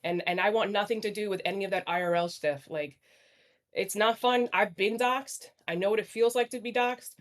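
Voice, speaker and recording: A woman guest on a livestream panel, connected by video call, talks at normal speed in a medium-pitched voice. She is candid and blunt, apologizes, and swears frequently.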